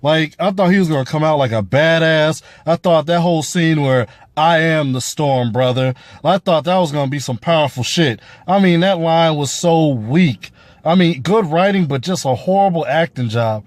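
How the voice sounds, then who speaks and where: A man's voice: a little high, normal speed, dry recording. A man giving a casual, profane review of a TV episode, rambling with lots of fillers. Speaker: show reviewer.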